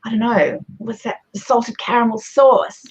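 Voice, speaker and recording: A woman, a guest coach speaking in animated conversation, shifting her pace and loudness as she explains. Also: a little high, a little slow. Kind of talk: conversational advice. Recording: dull, muffled lo-fi audio.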